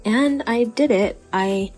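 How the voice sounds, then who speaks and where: A woman's voice: fairly high pitch, slow pace, darkish tone, soft background music. A young woman with a Texan accent, talking casually and encouragingly on a podcast, chatty and earnest. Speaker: podcast co-host.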